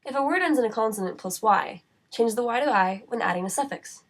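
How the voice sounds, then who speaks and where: A woman's voice: fairly high pitch, lively intonation. Woman reading a spelling lesson. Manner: measured, reads word lists slowly. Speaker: writing center instructor. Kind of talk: scripted instructional narration.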